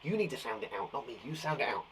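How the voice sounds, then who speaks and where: A man's voice: mid-range voice, sing-song, quick pace, fairly bright tone, slight background noise. A man teaching a phonics lesson to young children online, upbeat and playful, joking and praising often. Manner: upbeat and playful, sings and jokes.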